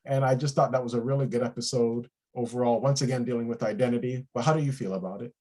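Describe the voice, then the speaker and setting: A man co-hosting a casual TV review chat, relaxed and thinking aloud with many pauses and fillers. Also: medium pitch. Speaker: co-host of a TV review show.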